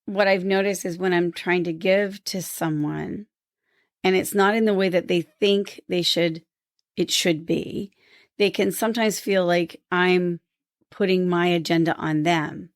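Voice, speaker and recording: A woman co-hosting a podcast, telling a story earnestly and lively when she quotes people. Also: fairly low pitch, a little slow, no room sound, clean studio sound. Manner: earnest storytelling, animated when quoting others. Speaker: podcast co-host. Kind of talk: casual conversation.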